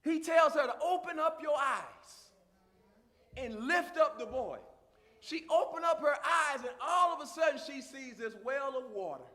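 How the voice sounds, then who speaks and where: A man with a strikingly high voice preaches with fervor. He presses points again and again and lets his voice rise to full shouts as he drives a message home. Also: lively intonation, unhurried, in a large hall. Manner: impassioned preaching that swells into shouts; repeats phrases for emphasis. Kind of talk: sermon.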